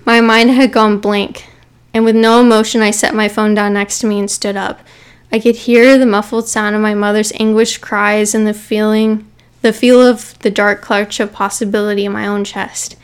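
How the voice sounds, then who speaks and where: A young woman hosting a podcast, reading a scary story aloud in a steady, measured way and dropping to a whisper at chilling moments. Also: mid-range voice, clean tone.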